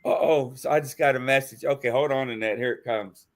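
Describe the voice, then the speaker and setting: A man's voice: medium pitch, brisk. A man hosting a live chat show, laughing a lot and talking. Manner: laughs a lot, spelling out names while typing. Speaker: show host. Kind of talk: casual live-stream chat.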